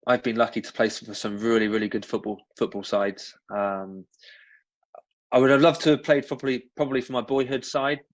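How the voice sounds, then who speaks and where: Speaking in a fairly low voice with a West Country accent, a former professional footballer from that part of England chats through interview questions as a guest. His animated anecdotes are peppered with ums and restarts, and the audio is dull with no room sound.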